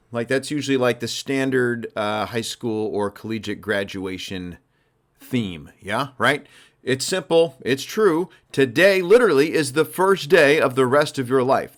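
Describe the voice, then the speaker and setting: Man, motivational podcast host, emphatic, conversational, mid-pitched voice. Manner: energetic, emphatic, conversational, uses "literally" and "like". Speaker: sales coach and podcast host.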